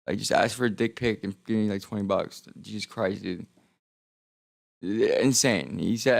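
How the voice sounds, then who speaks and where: A man telling a swearing, animated story on a stream, acting out the people in it. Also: moderate pace, gravelly, no echo, studio quality. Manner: swearing, animated, acts out dialogue with rising pitch. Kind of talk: casual storytelling rant.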